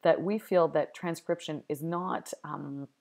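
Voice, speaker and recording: A woman's voice: sits low, fairly even intonation, a little slow, creaky, a little mellow. A woman giving a recorded university lecture, thinking aloud with frequent ums, uhs and restarts. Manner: hesitant, many ums and restarts.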